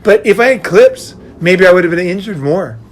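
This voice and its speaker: Middle-aged male host, fairly high voice, lively storyteller who laughs mid-sentence and swears casually. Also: normal speed, slight background noise. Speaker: podcast host.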